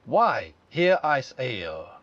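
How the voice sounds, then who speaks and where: A man reading a storybook aloud and voicing a small, eager, bumbling teddy bear who speaks haltingly. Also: mid-range voice, sing-song, fairly bright tone, dull audio, heavily acted.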